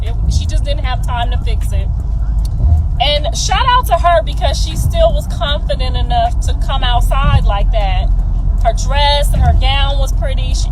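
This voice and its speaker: High-voiced woman telling a slangy story. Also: noisy background. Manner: chatty, slangy, laughs between lines. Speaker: mother telling a family story on a livestream. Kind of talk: casual storytelling livestream.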